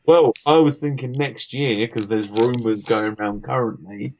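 A man's voice: medium pitch, moderate pace, a little mellow, muffled recording, a little hiss or hum. A man cohosting a podcast, chatting casually and teasing his guests. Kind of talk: casual chat.

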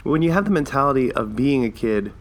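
A fifty-something Canadian man talking solo on his podcast, his pitch sitting right in the middle. He rambles and wanders off track, pokes fun at himself and chuckles at his own jokes. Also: lively intonation, fairly quick, a little hiss or hum. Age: 50s. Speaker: podcast host. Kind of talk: casual solo podcast monologue.

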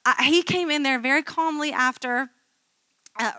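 A woman's voice: high voice, normal speed, pushed and bright, no echo. A middle-aged woman pastor preaching a sermon in a chatty, self-mocking storytelling way, acting out quotes from her own life.

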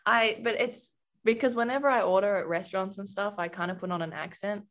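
A woman's voice: mid-range voice, fairly even intonation, brisk, fairly bright tone. A young woman from Australia with an Australian accent, a guest in a casual interview, giggly and saying "like" often. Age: young adult. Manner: giggly, says "like" a lot. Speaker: guest, college athlete.

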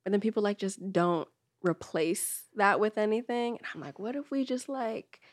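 A young woman, a grad student, chatting as a podcast guest in a relaxed, slangy way, swearing freely and trailing into mumbles on asides. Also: mid-range voice, moderate pace, dry recording, studio quality. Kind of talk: casual conversation.

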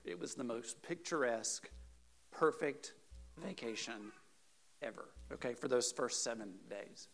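A man preaching a conversational sermon as a pastor, telling stories animatedly and checking in with the congregation with "right?" and "okay?". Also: medium pitch. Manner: chatty, peppers points with "right?" and "okay?"; animated storyteller, builds to emphatic peaks.

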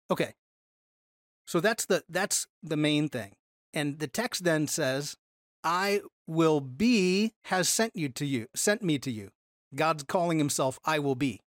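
A teacher giving a Bible study lecture to a class, explaining with animated emphasis on key words and frequent self-corrections. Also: mid-range voice, no room sound, studio quality.

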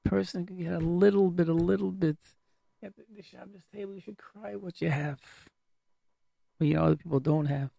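A man's voice: sits high, fairly even intonation, brisk, vocal fry, mellow, dry recording. A man giving an emphatic, repetitive sermon as a religious teacher.

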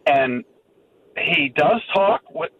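A man, calling in to a radio show and speaking in an earnest, halting way. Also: on the high side, expressive, pushed and bright. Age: 60s. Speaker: caller. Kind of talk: phone-in call. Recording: muffled phone line with faint noise.

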